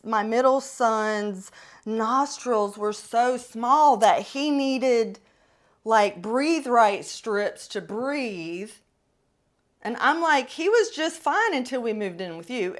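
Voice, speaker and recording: Casting note: middle-aged woman, podcast host, unhurried delivery with a wide-swinging, fairly high voice, blunt and salty. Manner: blunt, profane, animated storytelling. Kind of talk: casual storytelling monologue.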